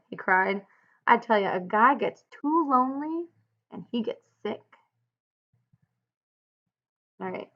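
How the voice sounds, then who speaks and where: Teacher lady walking students through a reading, measured, asks questions, dull lo-fi audio. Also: medium pitch. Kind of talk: read-aloud with guided commentary. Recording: dull lo-fi recording.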